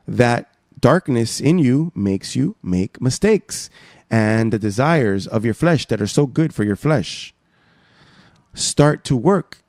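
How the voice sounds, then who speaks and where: A man preaching a sermon, emphatic, swinging from soft asides to raised exhortations. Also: medium pitch, dry recording, studio quality.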